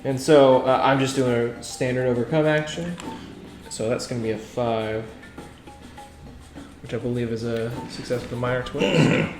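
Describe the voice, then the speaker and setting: A man's voice: mid-range voice, fairly even intonation, moderate pace, pauses often. Casual man player in an echoey room. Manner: casual, chatty rule talk. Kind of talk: casual tabletop play. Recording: roomy echo, faint music.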